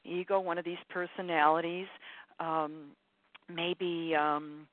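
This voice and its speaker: A woman's voice: on the low side, flat delivery, takes it slowly, dry recording. Lady spiritual teacher on a call-in show, rambly and encouraging, tinny phone sound, dry. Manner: repetitive, encouraging, rambling with fillers.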